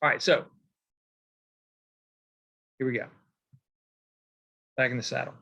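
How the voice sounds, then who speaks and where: A man's voice: medium pitch, fairly even intonation, slow pace, creaky, pushed and bright. A man teaching a poetry lesson in a casual, rambling way, full of fillers and frequent "okay?" check-ins while he marks examples by hand. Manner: writes on a board while explaining. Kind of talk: recorded lecture.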